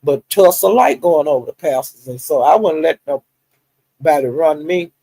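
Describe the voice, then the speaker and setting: A slightly high, creaky voice speaks a little slowly in a dry, rough recording. This livestreamer chats through online drama as casual gossip, laughing animatedly and acting out what people said.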